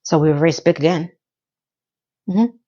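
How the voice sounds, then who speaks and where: A woman's voice: low-pitched, a little slow, dark tone, highs cut off. A woman recapping a TV episode, ranting with exasperated, incredulous rhetorical questions. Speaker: TV recap reviewer.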